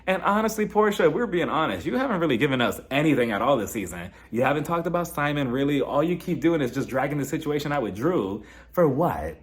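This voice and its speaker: A young man giving a casual recap of a reality show, animated and mocking, often acting out the cast members' lines. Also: fairly high pitch, fast, hardly any pauses.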